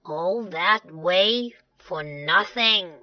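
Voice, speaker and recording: A woman's voice: lowish voice, very slow, no echo, pitched below the performer's own voice. A woman voicing cross grown-up villagers who grumble and talk sarcastically. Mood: grumbling. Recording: dull lo-fi dry recording.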